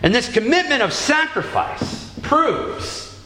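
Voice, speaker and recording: A man preaching a sermon, telling stories with dramatic pauses. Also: very high voice, big pitch swings, sharp tone, echoey room. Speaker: pastor.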